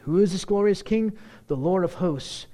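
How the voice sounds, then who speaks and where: A man preaching a sermon, building to excited, emphatic peaks. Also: high voice, normal speed. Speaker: pastor.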